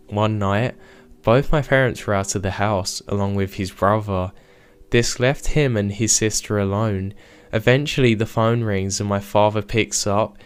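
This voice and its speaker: A man reading true scary stories aloud as a narrator, in a steady, measured way. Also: fairly low pitch, clean tone. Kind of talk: scripted narration.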